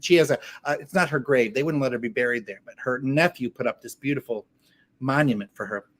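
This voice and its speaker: A man's voice: medium pitch, brisk. A man in his sixties, a guest on a talk show, telling stories in a theatrical, camp way. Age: 60s. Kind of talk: casual chat. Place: restaurant.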